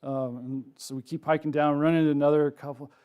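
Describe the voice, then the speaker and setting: A middle-aged man, a wildlife researcher, giving a public talk to a live audience, telling a personal story in a casual, animated way with lots of ums and likes. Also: fairly high pitch, a little fast, smooth. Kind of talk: public lecture with personal anecdote. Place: lecture room with a live audience.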